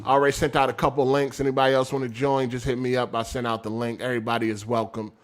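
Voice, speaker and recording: A man hosting a casual gaming podcast livestream, reading viewer messages aloud, talking loud and animated, laughing often, in street slang. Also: medium pitch, quick pace. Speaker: podcast host reading super chats.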